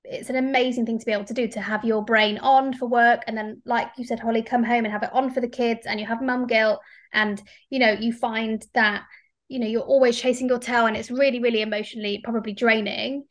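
Woman, 30s, candid podcast co-host, higher voice, chatty and frank. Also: a little fast. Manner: chatty, candid, animated when ranting. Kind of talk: casual podcast chat.

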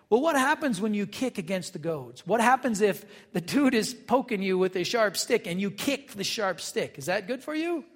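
High-voiced pastor in a reverberant hall. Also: male voice, animated, moderate pace. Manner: conversational, folksy asides, acts out quotes. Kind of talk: sermon.

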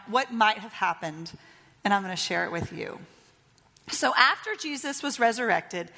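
High-voiced woman pastor telling a story. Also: a bit bright, big-room sound. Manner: storytelling, retelling a tale with voiced lines. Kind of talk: sermon.

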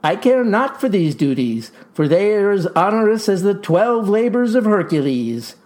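Man playing a nine-year-old farm boy, sulky, erudite, answering back, lively pitch. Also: moderate pace. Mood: peevish. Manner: peevish, oddly erudite retorts.

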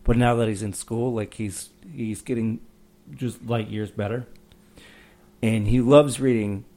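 A man's voice: mid-range voice, steady tone, a little slow, mellow. A man in his thirties co-hosting a podcast, telling a rambling story in casual chat and laughing along as he goes. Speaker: podcast co-host.

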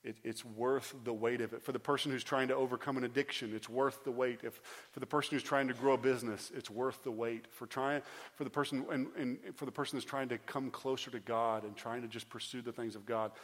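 A man in his thirties preaching an earnest sermon as pastor, often restarting phrases and building to loud, emphatic pleas. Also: medium pitch, level tone, fairly quick. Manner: frequent restarts and repeated phrases. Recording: preached in a large reverberant hall.

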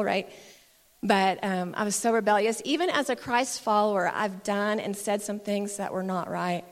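A middle-aged woman, giving an earnest, candid testimony sermon. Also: mid-range voice. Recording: long hall reverb with guitar music. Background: soft guitar music.

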